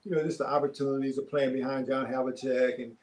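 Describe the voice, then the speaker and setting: An older man, a former basketball player, telling stories as a podcast guest in a relaxed, rambling way with many fillers. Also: mid-range voice, fast, slight background noise, low-quality recording. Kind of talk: casual storytelling.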